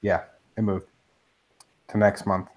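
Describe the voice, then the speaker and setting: A man co-hosting a casual live-streamed hobby talk show, excitable and joking. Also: lowish voice, slow, highs cut off. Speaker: podcast co-host.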